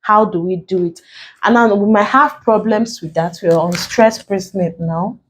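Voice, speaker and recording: A woman with a Nigerian accent teaching an exam prep English lesson, explaining slowly and repeating key terms. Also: mid-range voice, slight background noise. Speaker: English tutor.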